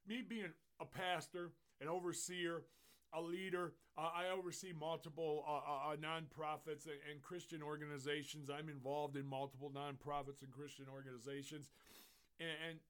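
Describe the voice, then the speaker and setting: A man's voice: on the high side, fairly bright tone. A man who is a pastor, telling a story and then preaching a fervent sermon. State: tearful.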